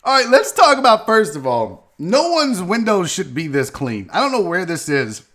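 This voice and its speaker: A man hosting a live online sports and comedy show, his voice bright and sharp. His pitch swings widely as he rambles to viewers by name and swears freely. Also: wildly swooping pitch, normal speed. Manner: loud, profane and joking, often laughing and shouting while reacting to clips. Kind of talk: casual live-stream commentary.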